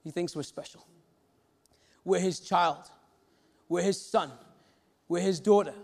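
A man's voice: high voice, takes it slowly, vocal fry. A man preaching a sermon, telling stories and acting out the voices of the people in them. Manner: storytelling, acts out quoted voices. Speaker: pastor. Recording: reverberant hall.

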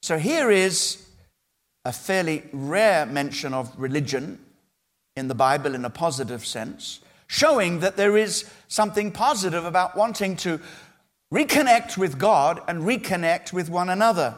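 A man's voice: high voice, animated. Earnest male pastor preaching a sermon. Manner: earnest, emphatic preaching with measured pauses.

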